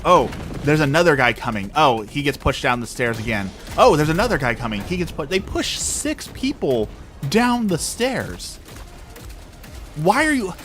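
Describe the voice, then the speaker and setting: A man streaming live, ranting casually with sarcastic, mocking exasperation. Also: mid-range voice. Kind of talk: casual rant to a live audience.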